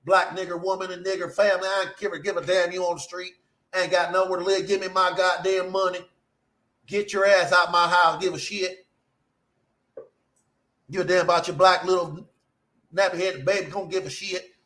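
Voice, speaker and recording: A man putting on the voice of a scornful male oppressor, rattling off rapid contemptuous taunts. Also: high-pitched, level tone, pushed and bright.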